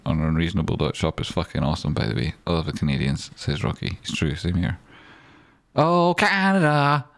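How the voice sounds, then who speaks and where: Low-voiced man, sweary stream banter. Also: a little mellow. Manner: chatty, swears often, jokey banter. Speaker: streamer reading live chat. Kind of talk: casual livestream chat.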